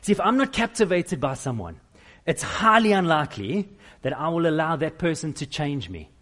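A middle-aged man preaching a sermon, with animated, self-deprecating storytelling. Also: fairly high pitch, normal speed. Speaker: pastor.

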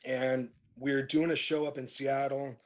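A middle-aged man talks through his past as a podcast guest. His delivery is relaxed and rambling, full of fillers and false starts. His voice sits at an ordinary, middle pitch for a man. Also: moderate pace. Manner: laid-back, rambling, many fillers and restarts. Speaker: metal band vocalist, podcast guest. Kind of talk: casual interview storytelling.

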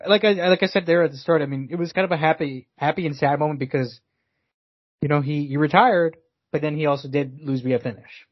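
A man's voice: on the high side, fairly quick, dull audio. A man co-hosting a casual sports podcast, rambling with many fillers and restarts. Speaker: podcast co-host.

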